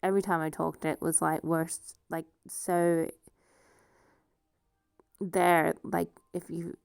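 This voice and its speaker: A vlogger with a noticeable non-standard accent talks casually to camera in a personal monologue, rambling, putting herself down and laughing often. Her low, flat, creaky voice is slow, a little mellow and smooth, recorded clean in a studio with no room sound.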